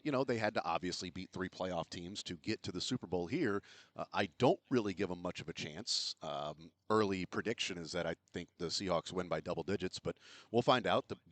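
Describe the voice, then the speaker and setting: A man's voice: deep voice, no echo. A man hosting a sports radio show in casual chat, rambling with many fillers and restarts. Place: radio row at a big sports event.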